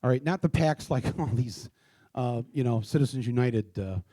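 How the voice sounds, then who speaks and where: A middle-aged man hosting a live town hall in a theater, talking casually with many fillers and restarts, and spelling things out slowly. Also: medium pitch, warm tone. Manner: spells out addresses slowly letter by letter. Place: theater stage before a live audience.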